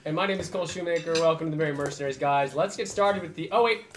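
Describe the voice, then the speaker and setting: A man's voice: a little high, rapid-fire, crowd noise. A tired man hosting a live tabletop game as game master, goofy and self-deprecating. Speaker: game master and show host. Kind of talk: casual live-stream banter. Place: indoor room, streaming setup.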